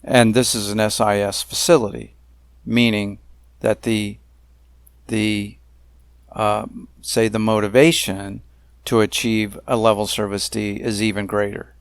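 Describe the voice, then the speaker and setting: A man narrating a slideshow about a dispute, talking in a deliberate, emphatic way with frequent pauses and fillers. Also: lowish voice, little pitch movement, creaky, clean tone, no echo, studio quality. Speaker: narrator of a self-made video complaint series.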